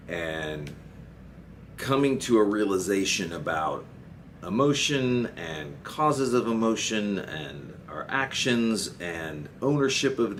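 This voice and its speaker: A man, a marriage and family therapist, explaining an idea in a relaxed conversational way and checking in often with "okay?" and "right?". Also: deep voice. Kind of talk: solo explainer talk to camera. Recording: faint background noise.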